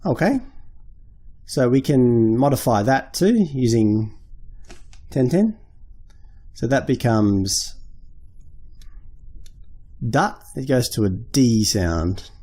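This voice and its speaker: A man teaching a lesson at a board, slowly and patiently repeating syllables and correcting himself aloud. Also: mid-range voice, expressive, mellow, slightly rough. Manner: thinks aloud, self-correcting. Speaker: language teacher. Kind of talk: whiteboard lesson.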